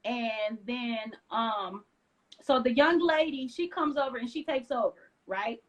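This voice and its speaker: A woman from the United States, an interview guest, telling her story in an animated way and acting out what others said. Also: fairly high pitch, measured pace, low-quality recording. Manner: lively retelling with acted-out quotes.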